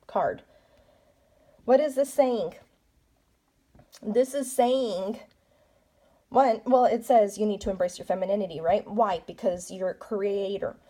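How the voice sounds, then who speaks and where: A woman's voice: a little high, warm tone. A woman giving a casual card reading, talking straight to the listener in a chatty, coaching way full of rhetorical questions. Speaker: tarot card reader.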